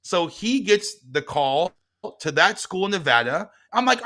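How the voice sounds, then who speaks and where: A middle-aged man, a guest and author, telling a personal story in casual talk, swinging from quiet reflection to heated retelling. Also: sits high, animated, normal speed.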